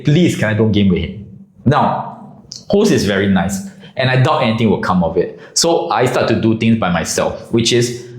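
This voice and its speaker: Man, casual comic storytelling, lively pitch, roomy echo. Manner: animated, drops into character voices.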